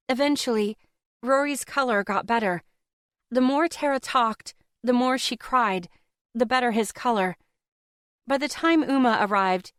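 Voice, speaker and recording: A woman reading a first-person audiobook in a steady, expressive way. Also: a little high, no echo, studio quality. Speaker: audiobook narrator.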